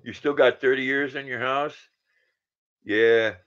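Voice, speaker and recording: Man in his 60s, livestream host, casual chat, reads viewer comments aloud, mid-pitched voice, dull lo-fi audio. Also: fairly even intonation, a little slow, a bit bright. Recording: dull lo-fi sound.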